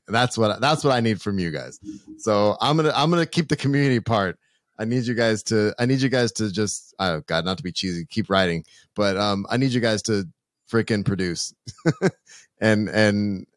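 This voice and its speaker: A man co-hosting a podcast, talking earnestly in a halting way with many restarts. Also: on the low side, no room sound, clean studio sound. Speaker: podcast co-host. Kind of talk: casual podcast chat.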